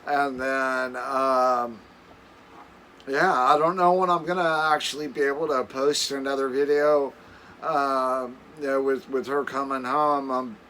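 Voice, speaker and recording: A man's voice: medium pitch, fairly even intonation, unhurried, sharp tone, slight background noise. Chuckling rambling man telling camp stories. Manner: rambling, chuckling, many restarts. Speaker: camping vlogger. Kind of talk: casual storytelling. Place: camper.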